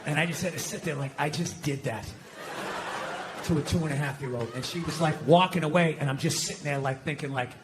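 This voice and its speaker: A man's voice: a little high, a little fast, background noise. A middle-aged man with an American accent doing stand-up, telling a story in an exasperated, profane rant. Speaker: stand-up comedian. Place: large outdoor amphitheater.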